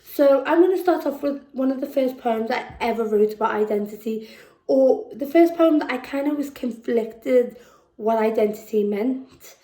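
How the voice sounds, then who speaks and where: A woman with a Scouse accent performing spoken word poetry at a festival, slow and measured, dropping to a hush on heavy lines. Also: on the high side, reverberant, poor audio. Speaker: poet. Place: festival venue indoors.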